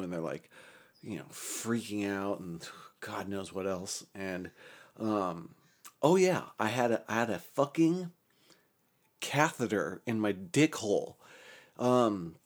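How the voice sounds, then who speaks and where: A young man with a somewhat low voice tells a story in a loose, rambling monologue. He swears constantly, restarts his sentences and laughs at his own account. He is recovering from a stroke. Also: darkish tone.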